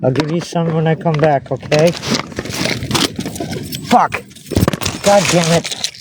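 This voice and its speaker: A woman's voice: sits low, slow, pauses often. A woman talking to herself as she walks outdoors, swearing under her breath and cooing at cats in a sing-song voice. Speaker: vlogger. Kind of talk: casual self-narration while out walking. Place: outdoors in a neighborhood street. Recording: outdoor recording with clear background noise.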